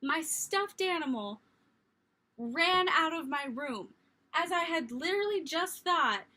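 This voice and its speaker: Bright-voiced young woman telling a story. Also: high voice, unhurried. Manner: animated, self-mocking storyteller. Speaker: vlogger. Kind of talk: casual storytelling.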